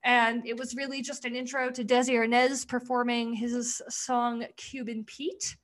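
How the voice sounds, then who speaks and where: A woman's voice: a little high, level tone, unhurried, a bit bright. A woman in casual podcast chat, rambling through a sketch recap, swearing freely and acting out quoted lines. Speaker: podcast co-host.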